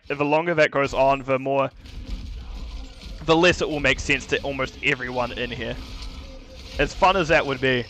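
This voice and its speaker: Male esports caster, New Zealand accent, casual play-by-play, mid-pitched voice. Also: a bit bright. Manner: rapid play-by-play, casual asides. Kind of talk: live esports commentary.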